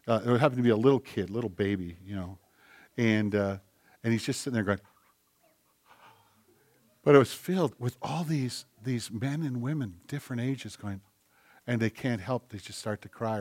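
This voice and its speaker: A man's voice: lowish voice, moderate pace, no echo. Impassioned male pastor preaching a sermon. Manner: dynamic, swings from loud emphatic repetition to soft intimate tones; conversational, tells anecdotes with acted-out quotes.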